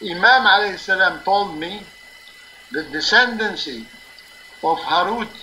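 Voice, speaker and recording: A man hosting a live religious talk stream, his voice high and strikingly bright, almost piercing. He explains at length in an earnest, insistent way, peppered with "uh" and "okay?". A faint hum of noise sits behind him. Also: animated, measured pace, poor audio. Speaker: live-stream show host. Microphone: live stream or call-in line.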